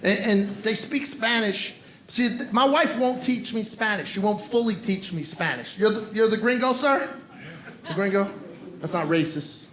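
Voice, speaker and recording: A man with a high-pitched, slightly bright voice talks at normal speed while doing stand-up. He teases the crowd and speaks straight to them from a comedy club stage with a live audience, captured in a roomy venue where laughter rings out.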